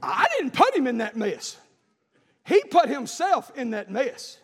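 A pastor with a strikingly high voice preaches in a church, swinging from shouted calls to heaven down to chatty, folksy stories. His words ring out with a long echo through the sanctuary. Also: very animated, unhurried, husky. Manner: rising to shouted preaching, then dropping to folksy storytelling. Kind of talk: fiery sermon. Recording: echoey church hall.

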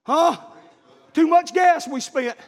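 Casting: middle-aged preacher, very high voice, shouting revival sermon, big reverberant church hall. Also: male voice, takes it slowly. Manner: shouting, fervent storytelling preacher.

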